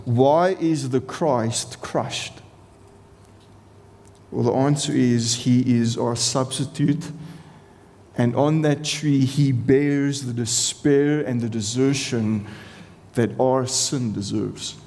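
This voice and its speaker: A man's voice: medium pitch, slow pace, darkish tone. A man preaching a sermon with earnest, impassioned emphasis, often repeating phrases and rising in intensity. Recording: long reverb of a large hall.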